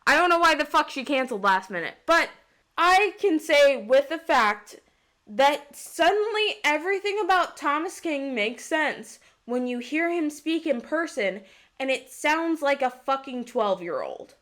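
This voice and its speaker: A woman's voice: sits high, animated, a little slow, fairly bright tone. A young woman ranting about comics in a casual vlog, heated and full of swearing and fillers. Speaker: comics vlogger. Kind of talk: casual rant.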